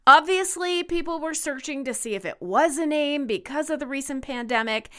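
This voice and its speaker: A woman's voice: sits high, animated, moderate pace, a bit bright. A woman co-hosting a podcast, chatting casually in a playful, emphatic way. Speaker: podcast co-host.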